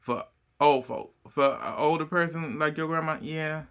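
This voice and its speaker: A man casually recapping a reality show, retelling scenes as an animated storyteller. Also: fairly high pitch, normal speed, clean tone. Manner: animated storyteller, acts out quotes.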